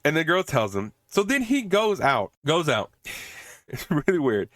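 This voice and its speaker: A man's voice: fairly high pitch, very animated, normal speed, fairly bright tone, no room sound, studio quality. A man hosting a podcast, recapping a movie in a rambling, casual way, swearing often and laughing at it. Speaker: podcast host.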